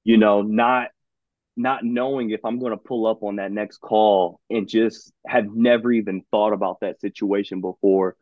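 An enthusiastic man hosts a casual podcast chat, tossing "man" into almost every thought. His voice sits fairly low. It comes through a dry, narrow, phone-like line. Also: steady tone, moderate pace, no echo. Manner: enthusiastic, says "man" a lot. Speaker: podcast host. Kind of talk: casual conversation.

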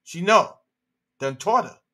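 A man's voice: sits high, animated, slow pace, sharp tone. A man hosting a livestream, talking in an emphatic, slangy way full of rhetorical questions. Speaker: livestream host. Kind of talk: animated opinion talk.

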